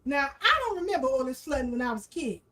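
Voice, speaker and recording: A woman's voice: high voice, sing-song, quick pace, crowd noise. A woman hosting a casual livestream, greeting viewers by name and repeating her greetings in threes with street slang. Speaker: livestream talk show host.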